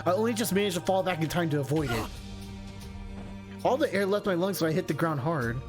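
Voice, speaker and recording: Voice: medium pitch, lively intonation, fairly quick, over music. A streamer reading a game's story aloud and breaking off for chatty, laughing asides. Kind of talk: reading narration with live commentary.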